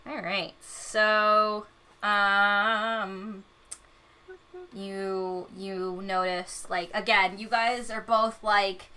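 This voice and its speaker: Young woman gm, loose and rambly, lots of ums, bright punchy voice. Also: mid-range voice. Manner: relaxed, rambling, many fillers. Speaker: game master. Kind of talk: narrating a tabletop game.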